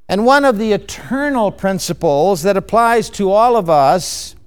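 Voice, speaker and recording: A man preaching a sermon, emphatic and measured, with frequent rhetorical questions. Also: sits high, smooth.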